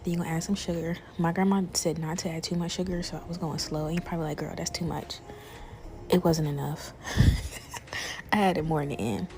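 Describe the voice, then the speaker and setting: A young woman with a deep voice cooks and talks fairly quickly to her viewers, greeting them as y'all and besties in a chatty vlog style. Her intonation stays fairly even, and the background is noisy.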